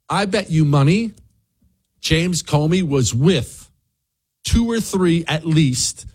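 A man's voice: sits high, slightly rough. A man hosting a talk show, delivering an emphatic, sarcastic opinion monologue. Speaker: radio show host.

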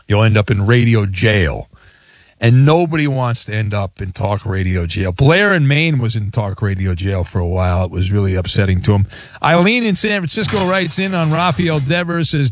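A man hosting a sports call-in radio show, wisecracking and playful with callers and co-hosts, quick to mock outrage. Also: on the low side, expressive, no room sound, clean studio sound. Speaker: sports talk radio host. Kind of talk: call-in talk radio banter. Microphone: studio broadcast mic.

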